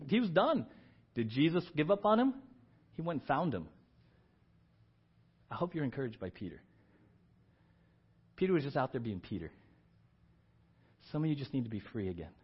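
A middle-aged man preaches to his congregation in an animated way, his voice pitched somewhat high and climbing into loud emphatic peaks. The recording is dull and lo-fi, with the muffled sound of church sermon audio. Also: slightly rough. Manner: animated, rising to emphatic exclamations. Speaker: pastor.

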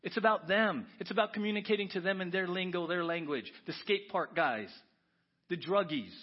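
A male pastor preaching a sermon, animated, swinging between soft asides and loud exclamations. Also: high voice, normal speed, highs cut off.

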